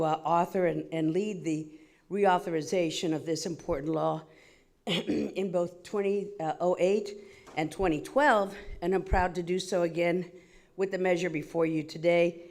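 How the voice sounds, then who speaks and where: A woman in Congress giving a formal, prepared statement at a committee hearing, slightly out of breath, listing points in a measured, emphatic way. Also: lowish voice, fairly even intonation, darkish tone. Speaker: member of Congress.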